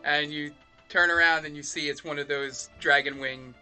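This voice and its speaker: A man's voice: on the high side, fairly even intonation, normal speed, music in the background. A man narrating as game master of a tabletop game, laid-back and amused.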